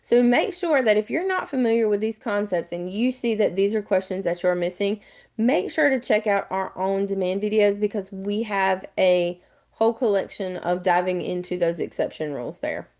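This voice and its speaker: A woman's voice: medium pitch, moderate pace, a little mellow. Chatty Southern-accented woman teaching. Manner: chatty, repetitive step-by-step explaining. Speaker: test prep instructor. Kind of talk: live online webinar lesson.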